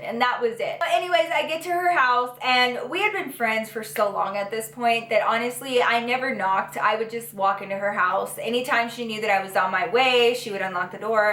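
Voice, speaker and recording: A young woman vlogger telling a storytime, animated and profane, with dramatic retellings. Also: fairly high pitch, roomy sound. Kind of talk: storytime vlog.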